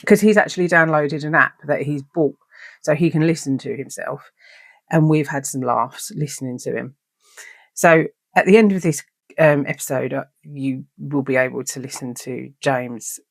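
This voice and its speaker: A woman hosting a casual podcast, telling stories in an animated way, swearing freely and acting out quoted lines. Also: low voice, no room sound. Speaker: podcast host.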